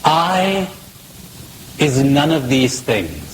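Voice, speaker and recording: Slow, lively-voiced man giving a spiritual talk. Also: mid-range voice, slight background noise, low-quality recording. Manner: playful, questioning, drawn-out. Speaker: spiritual speaker. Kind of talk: talk with jokes.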